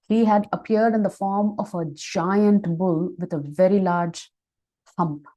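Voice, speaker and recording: Brief: woman scripture teacher, unhurried devotional storytelling, lowish voice. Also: warm tone, rough recording. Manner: measured retelling with frequent fillers. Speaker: spiritual teacher. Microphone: online session microphone.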